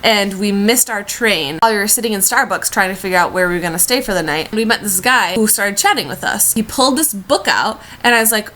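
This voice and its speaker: A woman's voice: medium pitch, animated, a little fast, few pauses, pushed and bright, rough recording. A woman in her twenties from the United States, sick and chatting from her bed in a gushing, chatty book vlog. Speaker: book vlogger. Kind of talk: casual vlog chat. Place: in bed at home.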